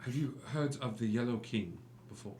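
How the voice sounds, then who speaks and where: A man putting on a soft, courtly Frenchman. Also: mid-range voice, normal speed, roomy sound, slight background noise, lightly acted. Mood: smooth, courteous. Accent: put-on French. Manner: courtly, hesitant, soft-spoken. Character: suave scheming Frenchman, theatre agent.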